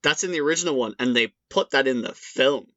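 An Irish man chats as a podcast guest, wandering through points with wry, sarcastic asides. His voice is bright and sharp, recorded dry and close on a somewhat dull, lo-fi mic. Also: mid-range voice, quick pace, no echo. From Ireland. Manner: rambling, wry sarcastic humor. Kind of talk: casual chat.

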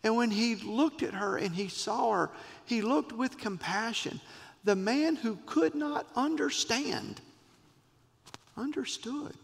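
A man preaching a sermon, expressive, with dramatic pauses and voiced quotes. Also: extremely high pitch, gravelly, big-room sound. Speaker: pastor.

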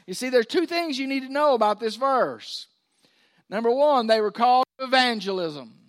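A male pastor preaching a sermon, swinging between loud emphasis and hushed asides. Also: high-pitched, lively intonation, normal speed.

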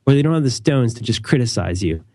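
A man's voice: mid-range voice, expressive, fast talker, darkish tone, no echo, studio quality. A young adult man co-hosting a casual talk show. He rambles, corrects himself often and adds wry asides. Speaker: podcast co-host. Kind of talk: casual conversational chat.

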